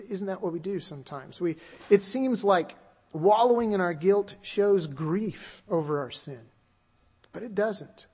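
A man preaching an expository sermon, earnest and measured, with emphatic rises and repeated words. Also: high-pitched, a little mellow, slightly rough. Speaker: pastor.

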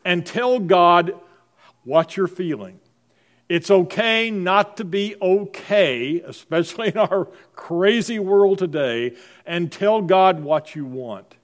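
A man's voice: high voice, animated, slow. A middle-aged man preaching a sermon as pastor, in a conversational style full of rhetorical questions to the congregation.

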